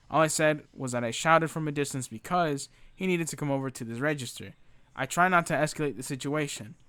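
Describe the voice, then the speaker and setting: A young man telling a story about a rude customer at work. He sounds exasperated, talks in a quick stream full of fillers, and puts on the customer's voice now and then. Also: on the high side, fairly bright tone, clear, resonant tone, no room sound. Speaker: retail worker telling a story. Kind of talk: storytime rant.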